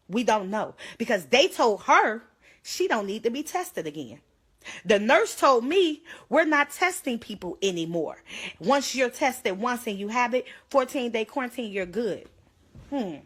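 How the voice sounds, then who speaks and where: A woman's voice: fairly high pitch, a bit bright. Urgent pleading woman on a phone livestream. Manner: urgent, pleading, on the edge of tears. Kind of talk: emotional livestream plea.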